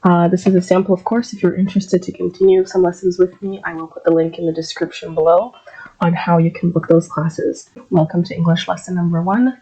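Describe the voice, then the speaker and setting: A woman coaching English pronunciation in a low, mellow, slightly husky voice. She is a little sick and stretches out every word slowly and carefully so learners can repeat after her. The recording sounds dull and lo-fi. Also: level tone. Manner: slow, drawn-out modeling of words. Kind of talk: pronunciation lesson.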